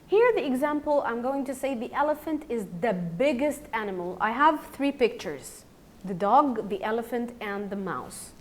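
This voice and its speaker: A woman with an Egyptian accent teaching a primary school English grammar lesson, slowly repeating word forms so children can follow. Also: on the high side, expressive. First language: Arabic. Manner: slow, repeats words for drilling.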